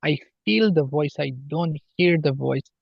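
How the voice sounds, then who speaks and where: A man talking as a healer guest on a podcast, slow and earnest as he explains spiritual ideas. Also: fairly high pitch, creaky, dry recording, muffled recording. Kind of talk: podcast interview.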